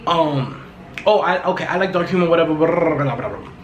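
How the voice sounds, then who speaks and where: A loud, blunt woman talks straight into her podcast mic, gossiping and swearing freely in casual chat. Her voice rings around a bare, echoey room, and a faint hum of background noise sits beneath it. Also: low voice, lively intonation, fairly quick, muffled recording. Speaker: podcast host.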